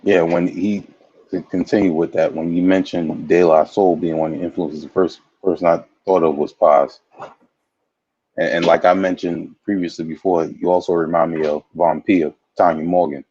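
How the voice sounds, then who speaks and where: Deep husky co-host guy, dull lo-fi dry recording. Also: steady tone, moderate pace, mellow, no room sound. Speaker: podcast co-host. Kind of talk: interview questions.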